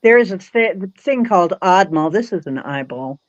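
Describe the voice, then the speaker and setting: A woman from the United States chatting casually about her crafts in a relaxed, matter-of-fact way. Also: fairly low pitch, moderate pace, dry recording, lo-fi sound. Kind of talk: casual chat.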